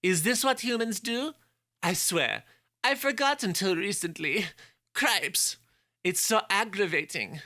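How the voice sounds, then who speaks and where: A nasal, shrill little mad doctor. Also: male voice, wildly swooping pitch, drawn-out words, vocal fry, pushed and bright, no room sound, clean studio sound, heavily acted. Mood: exasperated. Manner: shrill, peevish, fussy.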